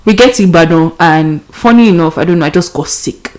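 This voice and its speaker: A woman's voice: fairly low pitch, brisk, a little mellow. A young Nigerian woman hosting a podcast, telling a story casually and animatedly, laughing often and mixing in pidgin. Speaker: podcast host.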